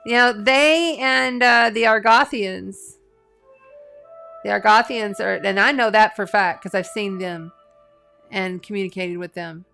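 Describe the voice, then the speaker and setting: A woman's voice: mid-range voice, measured pace, gravelly, sharp tone, soft background music. A middle-aged woman, an astrologer and tarot reader, chatting casually on a live stream, earnest and talkative with lots of fillers and restarts. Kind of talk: casual live-stream chat reading viewer comments.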